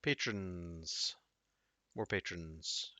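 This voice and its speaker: A man's voice: low voice, drawn-out words, pushed and bright, dry recording. A man streaming a game, making wry, chatty asides and thinking aloud as he plays. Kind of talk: casual live gameplay commentary. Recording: dull dry home audio.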